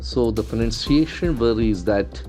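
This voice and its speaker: A male English trainer, not a native speaker, teaching pronunciation in a lesson, repeating words slowly and stressing their syllables. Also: mid-range voice, expressive, dark tone, soft background music. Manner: stock phrases "okay, see", "very interesting".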